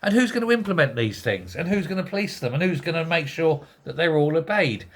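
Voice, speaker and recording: A man's voice: a little high, lively intonation, brisk. Sarcastic man ranting about politics. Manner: sarcastic, exasperated, rhetorical questions. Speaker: political commentary host. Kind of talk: ranting monologue.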